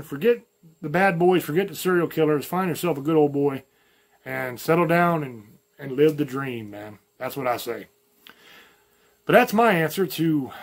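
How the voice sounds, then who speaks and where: A man from the American South with a light Southern accent, giving a blunt, folksy opinion monologue as a channel host, full of slang and profanity. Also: fairly high pitch. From American South, mountains.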